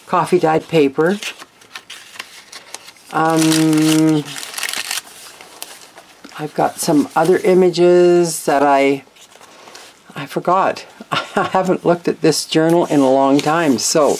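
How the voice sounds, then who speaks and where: A woman's voice: deep voice, slight background noise. A woman hosting a craft channel, showing her handmade journal in a chatty, meandering way with frank asides. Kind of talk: casual craft show-and-tell.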